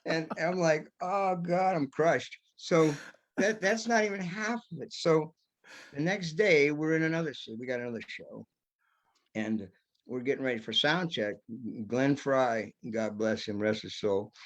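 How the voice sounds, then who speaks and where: A man's voice: a little high, normal speed. A man guest telling a story in casual chat, amused and acting out what others said. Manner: lively, amused, acts out quotes.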